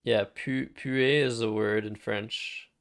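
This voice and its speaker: A man's voice: mid-range voice, fairly even intonation, slow, dry recording, clean studio sound. A man casually thinking aloud while playing word games on a live stream. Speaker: streamer and Scrabble player.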